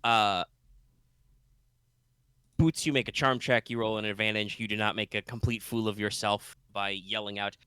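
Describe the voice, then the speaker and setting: A man's voice: lowish voice, fairly even intonation, normal speed, long pauses, pushed and bright, clean tone, dry recording. A man running a tabletop game as game master, narrating loosely with plenty of fillers and restarts. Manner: rambling, many fillers and restarts.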